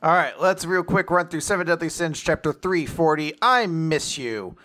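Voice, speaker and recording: Bright-toned man running a comics podcast. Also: on the high side, normal speed. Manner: loose, filler-heavy, occasional swearing. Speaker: podcast host. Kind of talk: casual chat recapping comics.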